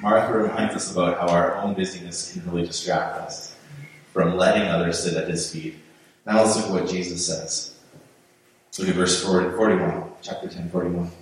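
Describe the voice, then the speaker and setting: A pastor preaching a sermon in a loose, conversational way, often restarting and repeating his words. His voice sits very low. The sound is heavily echoey, picked up from some distance in a church sanctuary. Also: slight background noise. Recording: very echoey room, voice from far off.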